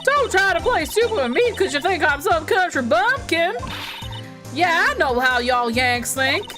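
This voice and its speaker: Brash, folksy Southern gal with a drawl and a lively, swooping voice, as a woman reads her part; game music underneath. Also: extremely high pitch, measured pace, voice pushed up. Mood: defiant. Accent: Southern US, put on. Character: brash loud Southern woman photographer, feisty. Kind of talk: reading game dialogue aloud. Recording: game music playing behind.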